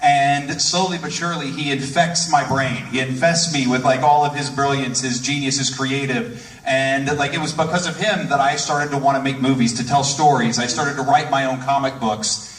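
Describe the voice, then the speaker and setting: A man on stage at a live tribute event, telling a gushing, excitable anecdote in quick bursts. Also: mid-range voice. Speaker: guest speaker on stage. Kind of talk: enthusiastic storytelling anecdote. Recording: echoey theater from a distant mic.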